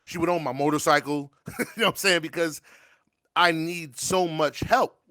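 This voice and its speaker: A man's voice: on the high side, moderate pace, bright, forceful tone, dry recording. A man hosting a show, talking in casual, profane, joking rants. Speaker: show host. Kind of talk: casual podcast banter.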